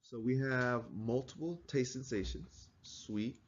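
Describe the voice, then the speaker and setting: A man's voice: mid-range voice, slow, highs cut off. A man teaching a class, explaining things in a conversational way and asking the students questions. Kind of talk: classroom lecture.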